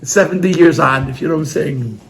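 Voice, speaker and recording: A man in the role of a rabbi speaks a little fast in a creaky voice on the high side, telling earnest stories to a gathering. He repeats his words and draws on Yiddish and Hebrew vocabulary as the room listens.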